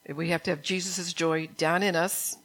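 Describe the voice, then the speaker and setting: A woman's voice: fairly low pitch, little pitch movement, moderate pace, fairly bright tone. A woman preaching a sermon in a conversational, fervent way, often checking in with her congregation.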